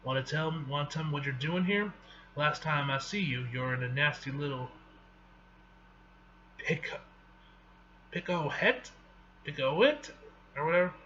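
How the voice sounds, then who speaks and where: A man's voice: a little high, a little slow, long pauses, sharp tone. A man doing a drawling roguish thief. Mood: guarded. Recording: dull lo-fi recording with faint hiss.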